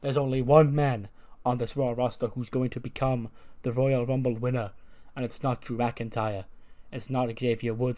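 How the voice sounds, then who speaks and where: Man as arrogant champion, slow, contemptuous. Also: medium pitch, darkish tone, close to an everyday voice. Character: cold, arrogant male wrestling champion.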